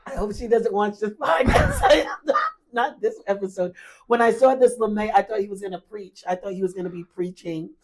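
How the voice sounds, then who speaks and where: A woman's voice: medium pitch, normal speed. A woman co-hosting a podcast in casual chat, laughing often through playful banter. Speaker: podcast co-host.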